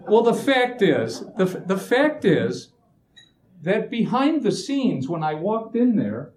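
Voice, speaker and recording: A man's voice: high voice, slow pace, reverberant, low-quality recording. A man giving a casual motivational talk, telling anecdotes and acting out what people said, often restarting his phrases. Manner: animated storyteller, acts out quoted voices, often restarts phrases. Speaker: speaker giving a talk on expectations.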